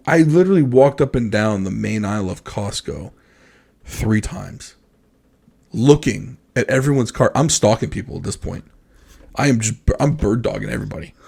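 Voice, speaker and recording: Gravelly man telling a lively story. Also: mid-range voice. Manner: animated, acts out quoted dialogue. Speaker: podcast co-host. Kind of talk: casual storytelling chat.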